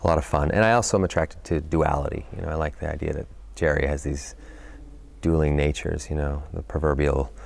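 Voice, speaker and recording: Giving a press interview about a film he appeared in, a middle-aged man thinks aloud, circling back and filling silences with "you know" as he gropes for words. His very deep, rough voice carries fry, a steady, darkish tone, and a slightly fast pace, with a little hiss or hum.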